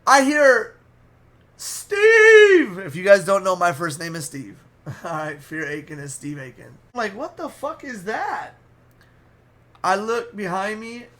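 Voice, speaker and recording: A man with a high voice tells a wild story in a casual, animated rush. He swears freely and paints vivid pictures as he talks. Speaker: storyteller, streamer.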